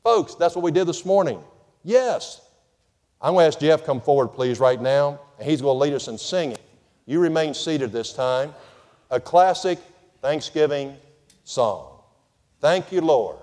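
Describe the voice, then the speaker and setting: A man's voice: a little high, lively intonation, a little slow, darkish tone. A man preaching a folksy, humorous sermon to his congregation. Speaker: pastor. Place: church sanctuary. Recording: long reverb of a church hall.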